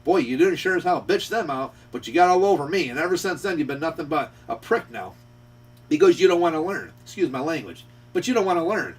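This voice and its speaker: A man's voice: fairly high pitch, expressive, a little fast, breathy edge, distant mic. A middle-aged man who runs a radio repair shop, scolding a rival in a confrontational rant and repeating his points. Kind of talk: ranting call-out video.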